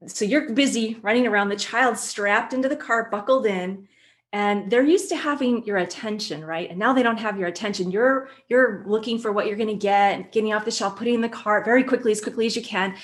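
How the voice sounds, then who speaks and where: A woman guest who works with children, explaining her work in an animated way and telling stories. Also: medium pitch. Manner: animated storyteller, acts out quotes. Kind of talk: conversational explanation with anecdotes.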